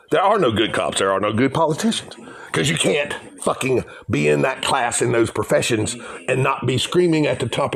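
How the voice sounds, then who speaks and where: Gravelly man ranting in outrage. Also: medium pitch, fairly bright tone. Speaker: vlogger reacting to a video. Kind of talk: angry reaction commentary.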